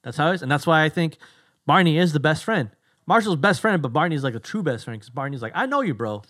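A man co-hosting a podcast, chatting casually and loosely retelling scenes with quick voiced asides. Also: fairly high pitch, lively intonation, a bit bright, no echo, studio quality. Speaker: podcast co-host. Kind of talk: casual chat.

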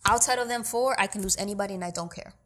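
A young woman from New York City, an actor and producer, speaks rapid-fire in a medium-pitched voice as a guest in a casual interview. She's blunt, emphatic, and streetwise, repeatedly asking "you feel me."

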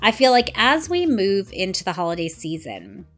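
A woman's voice: mid-range voice, sing-song, moderate pace, a bit bright, faint music behind. Woman host, frank and confiding, conversational podcast read. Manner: frank, confiding, thinks aloud. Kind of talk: casual podcast chat.

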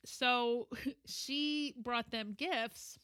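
A middle-aged woman telling a candid personal story as an interview guest, animated and acting out what others said. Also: on the high side, drawn-out words, smooth. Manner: animated, acts out quoted voices.

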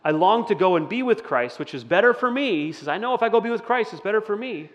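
A man's voice: high-pitched, sing-song, quick pace, long reverb tail. A man preaching a conversational sermon as a pastor, asking his listeners questions. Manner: conversational, asks the audience questions. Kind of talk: interactive sermon.

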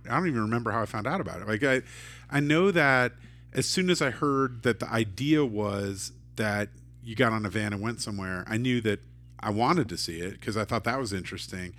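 Host, male, low voice, rambling conversational delivery. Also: a bit bright. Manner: rambling, many fillers and restarts. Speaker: podcast host. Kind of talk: casual interview chat.

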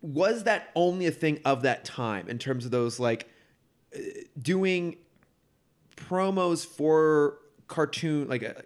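A man's voice: on the high side, expressive, slow pace. A man co-hosting a podcast in casual chat, rambling and full of fillers and restarts. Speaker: podcast co-host.

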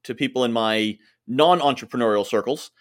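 A man's voice: medium pitch, brisk. A man hosting an interview, chatting casually and giving frequent short acknowledgments. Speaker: interview host.

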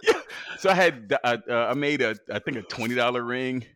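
A man's voice: mid-range voice, a little fast, clear, resonant tone, dry recording, studio quality. A bald man in casual chat among friends, telling stories animatedly and acting out quotes. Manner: animated storyteller, laughing often, acting out quotes.

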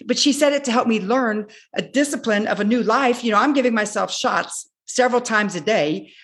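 A woman in her sixties, a guest telling her personal story with animated delivery, acting out her own past words. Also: fairly high pitch, a little fast. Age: 60s. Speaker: guest speaker.

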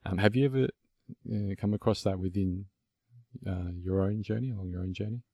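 An Australian podcast host with a deep, husky voice chats in a relaxed, fairly quick way, reflecting as he goes and circling back with fillers and restarts. The recording is dry and close.

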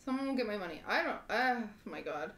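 A young woman co-hosting a podcast, telling stories in a quick, animated way with lots of fillers. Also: medium pitch, a little hiss or hum. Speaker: podcast co-host. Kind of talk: casual chat. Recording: roomy echo.

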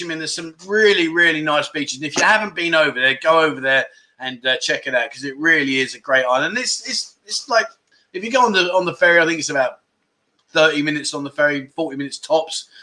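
A man's voice: fairly high pitch, fairly quick, pushed and bright. A middle-aged man hosting a casual livestream, chatting and joking while reading out viewer comments. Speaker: livestream host.

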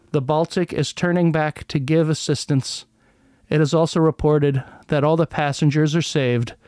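Casting note: man, solo podcast host, sarcastic and rambling, higher voice, smooth and clear, dry close mic. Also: a little mellow, no room sound. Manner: rambling, sarcastic, stumbles over words while reading. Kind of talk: casual solo podcast, reading a news article.

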